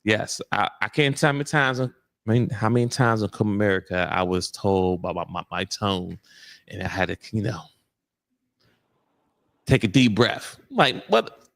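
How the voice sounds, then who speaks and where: A man's voice: on the low side, normal speed, creaky, long pauses, a bit bright. Laid-back man in casual chat. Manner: laid-back, peppers talk with "you know what I'm saying". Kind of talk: casual podcast discussion.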